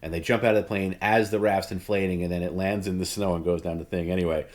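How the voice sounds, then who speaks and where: A man hosting a relaxed late-night stream, talking in a somewhat low voice. He rambles freely, filling his sentences with "like" and "you know", and chuckles between thoughts. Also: fast. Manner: rambling, heavy use of like and you know, laughs often. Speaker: host. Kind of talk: casual chat on a livestream.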